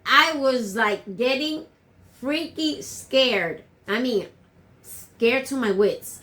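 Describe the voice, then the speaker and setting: A woman with a somewhat high voice tells a story in casual conversation. She talks with emphasis and moves freely between English and Spanish. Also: measured pace, a bit bright. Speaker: podcast co-host.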